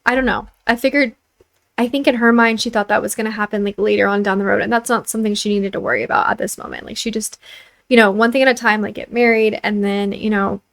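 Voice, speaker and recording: A woman's voice: medium pitch, fairly even intonation, fast, gravelly, a bit bright. A young woman chatting casually as she narrates a life-sim game for her channel, full of filler words. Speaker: let's play host.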